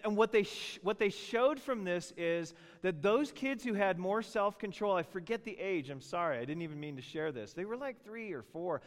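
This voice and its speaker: Pastor, middle-aged man, slightly high voice, lively storytelling sermon, long hall reverb. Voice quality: animated, jokey storytelling with voices for characters.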